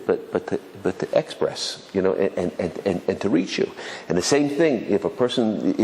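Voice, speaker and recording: A man's voice: on the low side, a little mellow. A male rabbi teaching a live Torah class. He asks the audience rhetorical questions, and he often restarts and repeats words as he talks. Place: lecture room with an audience. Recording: reverberant hall with faint noise.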